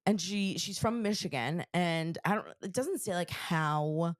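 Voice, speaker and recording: A woman's voice: on the low side, measured pace, no echo, studio quality. A woman co-hosting a podcast in casual chat, retelling stories with lots of "like" fillers. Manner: chatty, many "like" fillers, animated retelling. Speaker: podcast co-host.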